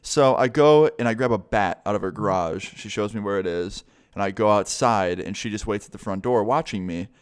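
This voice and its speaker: A young man vlogger telling a story in a casual, profane, animated way. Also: on the low side, a little fast, clear, resonant tone.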